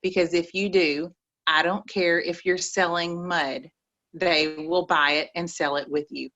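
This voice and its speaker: A woman's voice: lowish voice, steady tone, a little slow, fairly bright tone, lo-fi sound. A woman with an East Texas accent giving folksy, preachy motivational advice on a group call. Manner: folksy, preachy, says y'all.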